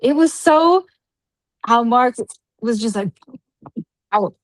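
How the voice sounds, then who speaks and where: Animated woman telling stories on a podcast. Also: fairly high pitch, slow pace, dry recording. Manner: animated storyteller, swears freely. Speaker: podcast co-host. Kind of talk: casual chat.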